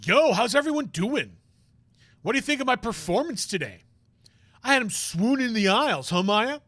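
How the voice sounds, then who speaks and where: A man voicing a brash, goofy young man in a visual novel read-aloud, cocky, loud and slangy. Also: very high-pitched, sing-song, moderate pace, no room sound, pitched above the performer's own voice, exaggerated voice.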